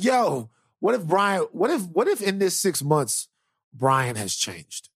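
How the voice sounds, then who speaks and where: A man co-hosting a podcast in a casual comedic chat, telling lively stories and acting out voices. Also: high voice, slow pace, vocal fry, breathy edge, dry recording, studio quality. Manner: animated storyteller, acts out voices. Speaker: podcast co-host.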